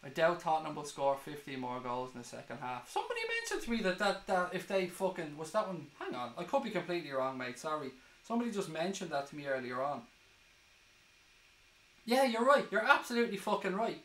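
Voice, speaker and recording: A man's voice: fairly high pitch, sing-song, fast, echoey room, rough recording. A man hosting a football fan live stream, chatting casually and swearing as he reads viewer comments. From Ireland.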